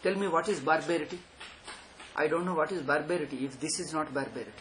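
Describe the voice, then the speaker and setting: A man lectures students on spiritual matters in a fairly high voice. He talks with sarcastic emphasis and keeps circling back to repeat his points. A faint noise sits under the recording. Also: fast, fairly bright tone, poor audio. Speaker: Vedanta teacher.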